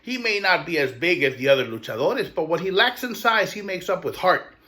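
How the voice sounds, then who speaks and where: A man's voice: sits high, expressive, a little fast. A man doing a patient, reassuring dad. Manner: warm reassuring fatherly tone. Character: gentle patient father at wrestling show.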